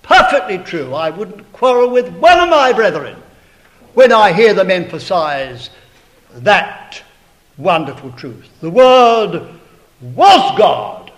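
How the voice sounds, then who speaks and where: A man preaching a sermon in a slow, dramatic way, swelling to loud emphatic peaks and sinking to hushed tones. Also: high-pitched, very animated, poor audio. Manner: addresses listeners as brethren, beloved brother.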